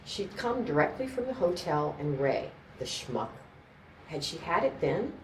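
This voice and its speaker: A narrator with a markedly deep female voice reads a story aloud, calm and even. Recorded on a distant mic in a reverberant room, the clip carries faint ambient murmur and a little hiss or hum.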